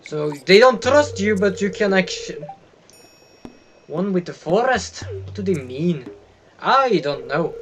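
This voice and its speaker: Playful, unhurried gaming streamer. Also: male voice, high-pitched, soft background music. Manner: playful, excitable, swears, jumps into silly voices. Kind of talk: casual gaming commentary.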